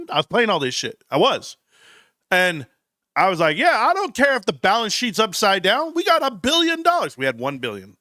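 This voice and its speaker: A man hosting a casual stock market livestream, animated and joking, acting out other people's voices. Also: fairly high pitch, no echo, clean studio sound.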